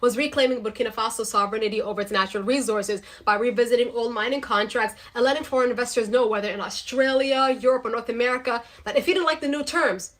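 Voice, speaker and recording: Fast-talking woman narrating commentary. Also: fairly high pitch, fairly bright tone. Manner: brisk and rhetorical, asking pointed questions.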